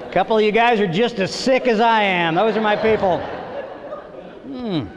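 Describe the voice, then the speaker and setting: High-voiced man doing stand-up in a theater. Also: moderate pace, lo-fi sound, a crowd in the background, noisy background. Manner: storytelling, acts out voices with big pitch jumps. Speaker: stand-up comedian. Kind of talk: stand-up comedy set. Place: theater stage before a live audience. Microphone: stage microphone. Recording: live theater recording with long reverb.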